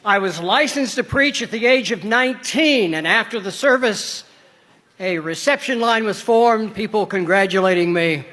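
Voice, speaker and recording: An older man from Southern Illinois, a retired pastor, giving a measured conference address with wry storytelling asides. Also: high voice, sharp tone. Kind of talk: formal conference address with humor. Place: large conference hall. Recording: long reverb of a large conference hall.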